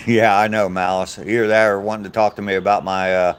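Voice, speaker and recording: A man's voice: on the low side, level tone, fairly quick, smooth. An older American man hosting a live stream on a walk, chatting casually and joking with viewers. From United States. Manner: rambling, jokey, laughs at own stories. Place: outdoors on a walk.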